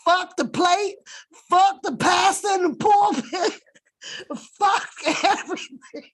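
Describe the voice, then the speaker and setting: Woman putting on an outraged older church mother, shouty, profane, high-pitched. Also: slow.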